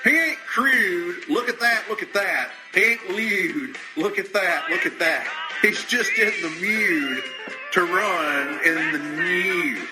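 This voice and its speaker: A man's voice: high-pitched, lively intonation, normal speed, poor audio. A man doing an impression of an older wrestling announcer with a drawl, rambling and half singing comic parody lyrics over music. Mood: crooning. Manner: drawling, rambling, with throat-clearing and hesitant "uh"s. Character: older male wrestling announcer, folksy and grumbling. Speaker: podcast host.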